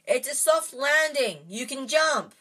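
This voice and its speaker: A woman voicing a brave young schoolboy wizard, reading a storybook aloud in a raised, higher voice. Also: a little slow. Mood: calling.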